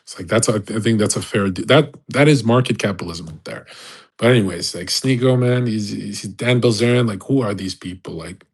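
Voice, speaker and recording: A man's voice: lowish voice, fairly quick, slightly rough. A young man ranting casually on a live audio chat, brash and profane, laughing often. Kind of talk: casual rant.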